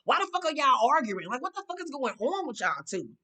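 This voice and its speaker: A woman's voice: sits high, big pitch swings, brisk, sharp tone. Blunt, profane woman recapping TV. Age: adult. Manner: blunt, profane, exasperated commentary. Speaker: reality TV recap vlogger. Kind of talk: casual reality-TV recap.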